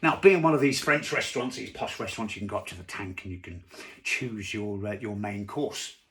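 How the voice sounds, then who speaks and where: A man's voice: lowish voice, fairly quick, a bit bright. Man rambling through a joke. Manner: rambling with asides and fillers. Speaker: joke teller. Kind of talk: casual joke telling to camera. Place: home during lockdown.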